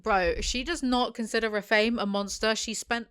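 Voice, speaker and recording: A woman's voice: a little high, fairly even intonation, moderate pace, fairly bright tone, clear, resonant tone, dry recording, studio quality. A woman hosting a casual book review, reading passages aloud and cutting in with sarcastic, snarky asides.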